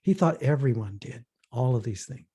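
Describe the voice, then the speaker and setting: A man's voice: medium pitch, moderate pace, mellow, slightly rough. A man leading a workshop dialogue, earnestly telling stories and acting out the people he quotes. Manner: earnest storyteller, acts out quoted voices. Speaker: workshop facilitator. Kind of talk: reflective workshop talk.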